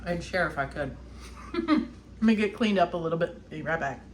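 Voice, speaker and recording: Her lowish voice is animated and moves at a normal speed, with slight background noise behind it. The middle-aged homestead vlogger chats and laughs often while snacking, casually demonstrating a cooking task in her home kitchen.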